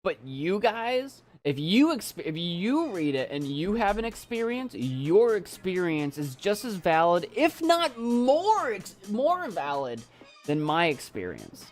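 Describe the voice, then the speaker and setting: A man chatting casually with viewers in a calm, soft voice, halting with many restarts as he chokes up. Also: high voice. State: choking up. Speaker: YouTube creator and poet. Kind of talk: casual live chat with viewers.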